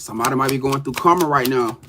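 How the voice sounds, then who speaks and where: A man's voice: medium pitch, rapid-fire, noisy background. A man doing a casual live-stream tarot reading, greeting viewers and laughing often. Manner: loose, slangy, greets chat viewers by name, laughs often.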